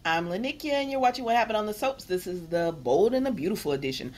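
A young adult woman hosts a casual soap opera recap, speaking quickly in a mid-range voice. She's sassy and animated, acting out the characters' lines.

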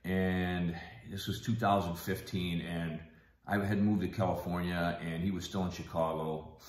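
A man sharing a personal family testimony in a soft-spoken, halting way, with frequent pauses. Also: low voice, steady tone, roomy sound.

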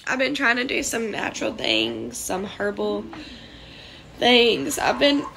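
Girl sick w/ a stuffy nose, kinda gravelly and bright, rambles all over. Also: mid-range voice, very animated, slow pace. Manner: scattered, rambling, many fillers. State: sick, congested and coughing. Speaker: vlogger. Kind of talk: casual talk to camera. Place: small trailer indoors.

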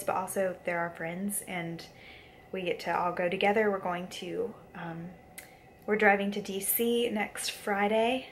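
A woman's voice: mid-range voice, fairly even intonation, measured pace, a little hiss or hum, poor audio. A young woman chatting casually in a video blog, talking with frequent fillers. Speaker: vlogger. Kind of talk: casual vlog chat.

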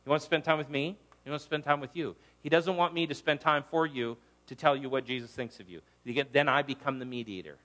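A man's voice: quick pace, few pauses. A middle-aged man, a pastor, preaching a conversational sermon and acting out little scenes in livelier voices. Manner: conversational, animated, acts out quotes in higher voices.

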